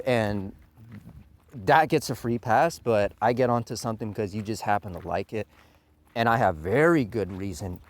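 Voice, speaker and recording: A man hosting a commentary channel, delivering a heated, profane rant and mocking his critics in put-on voices. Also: mid-range voice. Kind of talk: ranting commentary monologue.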